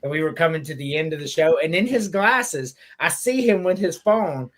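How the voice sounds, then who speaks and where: A man's voice: fairly high pitch, normal speed. A man hosting a podcast in casual chat, telling stories loosely and swearing as he laughs along. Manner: animated, laughing, profane storytelling. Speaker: podcast host.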